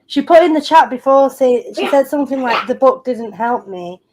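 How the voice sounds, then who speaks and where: A woman's voice: high-pitched, expressive, normal speed, crowd noise, low-quality recording. A woman chiming in with short remarks during a casual live stream chat.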